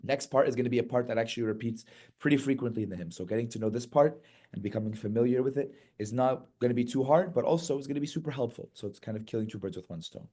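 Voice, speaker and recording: A man teaching a hymn chant step by step, singing short syllable phrases between quiet explanations and often checking in with "right?". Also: mid-range voice, fast talker. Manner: patient, checks in with "right?" and "okay?".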